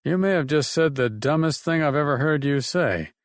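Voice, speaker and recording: A man's voice: a little high, expressive, normal speed, no echo, pitched above the performer's own voice, lightly acted. A man voicing a practical, blunt man with dry humor in an audiobook. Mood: joking. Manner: blunt and wry. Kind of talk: audiobook narration.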